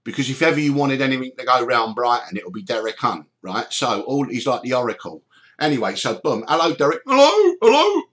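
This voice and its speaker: A middle-aged podcast host tells stories in a storytelling chat, speaking fairly quickly in a mid-range voice. He is animated, swears freely, and acts out the people he quotes.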